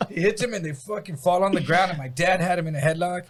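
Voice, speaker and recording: A man's voice: fairly high pitch, quick pace, few pauses. A man casually telling a story on a podcast, swearing freely and acting out sounds. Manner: profane, animated, acts out sounds. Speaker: podcast guest.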